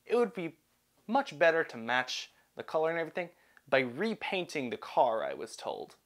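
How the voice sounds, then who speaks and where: A young man narrating a personal story in an animated, self-deprecating way. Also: on the high side, normal speed.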